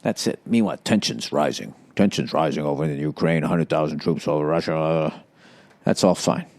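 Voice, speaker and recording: A man's voice: rumbling low, fairly quick, darkish tone. Ranting, profane man on a podcast. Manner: profane, emphatic, sarcastic ranting; stammering restarts when worked up. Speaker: podcast host. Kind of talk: solo podcast rant.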